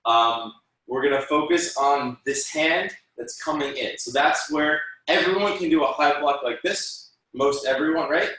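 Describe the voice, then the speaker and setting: A man's voice: on the high side, measured pace, bright, forceful tone, recorded from a distance. A man teaching a taekwondo class over a video call, counting out moves and correcting students by name in an encouraging way. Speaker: taekwondo instructor. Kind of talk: online martial arts class instruction. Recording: very echoey room, voice from off the mic.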